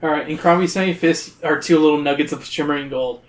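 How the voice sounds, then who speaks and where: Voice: medium pitch, fairly even intonation, fast. A podcast host casually reading a gamebook aloud, cracking jokes and swearing freely. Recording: roomy echo.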